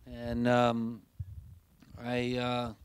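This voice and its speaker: A man from New Mexico speaking as a panelist at a forum, hesitant and halting, with many pauses. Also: mid-range voice, monotone, clear, resonant tone. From South Valley of Albuquerque, New Mexico. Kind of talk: public talk at a forum.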